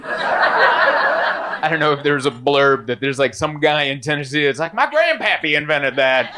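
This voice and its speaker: A man performing a stand-up comedy set, animated and swinging into high, exaggerated bits. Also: measured pace, very noisy.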